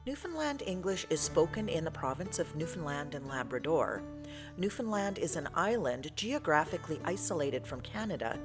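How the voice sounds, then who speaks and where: A woman with a low, lively voice narrates from a script in a careful, explanatory way. Clear music plays behind her. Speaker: channel host.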